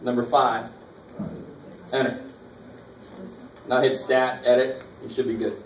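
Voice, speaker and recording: A man with a medium-pitched voice and flat delivery takes his time as he teaches a college math class. He casually explains calculator steps with slangy asides, and the recording sounds echoey, distant, and faintly noisy.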